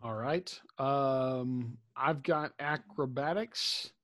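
In a dry recording, a man with a medium-pitched, slightly bright voice speaks extremely slowly. Playing a tabletop game, he hesitantly narrates his character's actions in casual chat, using lots of fillers.

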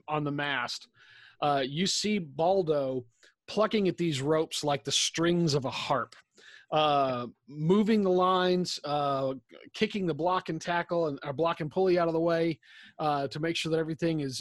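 A man with a fairly high voice, recorded dry, plays a tabletop game. In casual chat he hesitantly describes his character's actions, using many fillers.

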